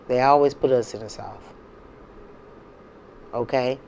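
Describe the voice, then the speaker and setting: A woman's voice: a bass voice, a little slow, creaky, mellow. A woman from the United States hosting her own channel, talking casually and emphatically to her viewers and often checking in with "okay?" and "you know". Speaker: channel host.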